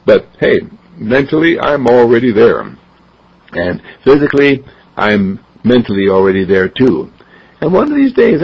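A man voicing a newborn boy who speaks as a calm, wise being, in a gravelly, husky voice. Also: lowish voice. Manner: calm, reflective, confiding. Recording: dull lo-fi recording.

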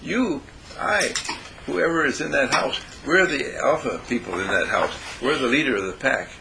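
A man voicing a calm, confident male dog trainer who speaks firmly and instructively. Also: mid-range voice, moderate pace, vocal fry, noisy background. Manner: firm, instructive.

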